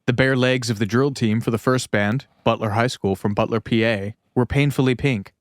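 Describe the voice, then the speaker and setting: A man co-hosting a casual podcast reads an old news story aloud into a close microphone. His voice sits at an ordinary middle pitch with a dry, roomless sound, and he keeps stopping for wry asides and laughter. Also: fairly even intonation, normal speed, dry recording. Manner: laughs and breaks off mid-reading, wry asides. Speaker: podcast co-host. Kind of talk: casual chat, reading an article aloud.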